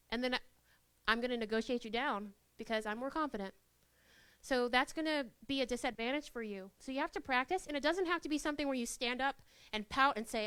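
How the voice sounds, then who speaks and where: A high-pitched young woman gives a live workshop talk to students. She is animated and playful and slips into quoted voices to act out scenes. Her voice sounds close and dry, with almost no room echo. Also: fairly quick, clean tone. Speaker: workshop presenter. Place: university classroom.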